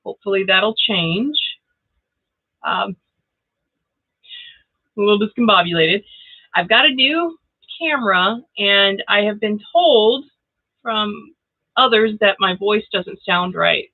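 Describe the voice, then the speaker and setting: Chatty grandma doing a live chat, laughs a lot, medium pitch, sounds like a phone line. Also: female voice, slow, pauses often. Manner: chatty, laughs often, reads out viewer comments. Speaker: livestream host. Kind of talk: casual livestream chat. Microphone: new plug-in microphone.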